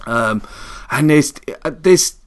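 A man's voice: fairly high pitch, lively intonation, slow pace. A man telling a long, rambling film story in casual chat, with sweary asides and many restarts. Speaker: co-host reviewing a film.

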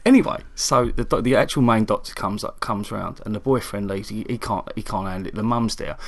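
Animated man telling stories. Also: lowish voice, a little fast, heavy background noise. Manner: animated storyteller, acts out voices, laughs often. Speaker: podcast co-host. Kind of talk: casual chat.

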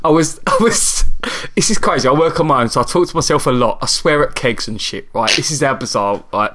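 A man's voice: medium pitch, lively intonation, brisk, bright, forceful tone. A man in casual chat, swearing and laughing as he tells stories. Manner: laughing, storytelling, swears freely.

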